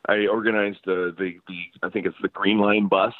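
A man's voice: on the low side, level tone, moderate pace, no echo. A man telling stories as a guest musician in a casual interview, rambling and laughing with many restarts. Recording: dry phone-line sound.

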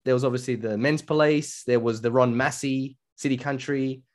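An Australian man co-hosts a podcast in a relaxed, chatty way. He tells stories with animation and acts out what other people said. His voice sits in a middle pitch. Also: moderate pace. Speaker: podcast co-host. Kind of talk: casual chat.

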